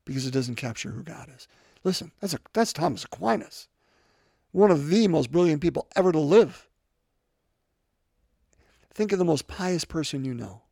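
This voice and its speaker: A man's voice: on the high side, animated, normal speed, vocal fry, pauses often, mellow, no echo, studio quality. A man preaching a homily, talking conversationally and repeating his points for emphasis. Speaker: priest.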